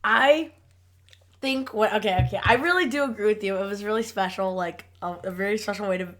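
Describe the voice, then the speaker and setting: A woman's voice: medium pitch, brisk, fairly bright tone. A young woman co-hosting a podcast, playful and giggly in loose casual chat. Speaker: podcast co-host.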